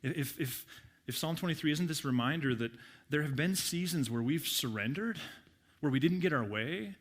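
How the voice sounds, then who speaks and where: A man's voice: on the high side, animated, normal speed, fairly bright tone. A middle-aged man preaching a sermon to his congregation in a church, speaking conversationally and often repeating words as he starts a sentence. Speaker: pastor.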